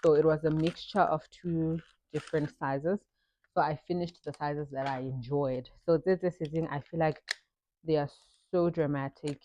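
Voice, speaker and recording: A woman's voice: deep voice, fairly even intonation, normal speed, dark tone, slight background noise. A South African woman chatting casually while doing her makeup, mixing English with local-language phrases as she talks about motherhood. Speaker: vlogger and mother. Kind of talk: casual get-ready-with-me chat.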